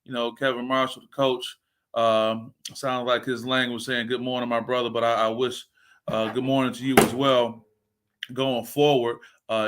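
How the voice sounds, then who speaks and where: This man in his forties is a sports coach who streams live, preaching motivation with fiery energy while reacting to comments from viewers. His voice sits in the middle range.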